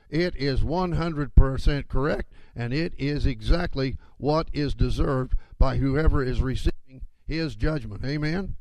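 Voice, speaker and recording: A man's voice: mid-range voice, gravelly, a little mellow, no room sound. A man preaching a sermon, emphatic and calling on his listeners for amens.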